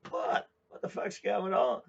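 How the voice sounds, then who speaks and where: A man voicing a brash, foul-mouthed wife yelling at her husband, on a dull lo-fi recording. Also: measured pace, creaky, slightly rough, full character voice. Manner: shrill yelling, swearing.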